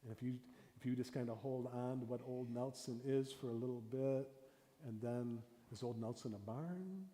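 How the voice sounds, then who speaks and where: Pastor teaching storytelling in an echoey hall. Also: male voice, medium pitch, normal speed. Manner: animated, acts out storytelling voices, drops to a whisper for suspense. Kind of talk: interactive workshop lesson. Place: church hall. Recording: echoey hall, long reverb.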